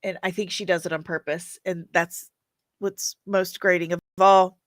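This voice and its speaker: A woman's voice: on the low side, flat delivery, moderate pace, dry recording. A woman hosting a casual commentary show, blunt and sarcastic, swearing freely. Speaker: host.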